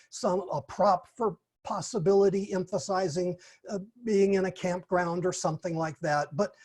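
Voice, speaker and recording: Male speech evaluator on a video call, mellow and husky, measured and encouraging. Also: high-pitched. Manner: measured, encouraging, deliberate pauses. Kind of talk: formal speech evaluation at an online meeting.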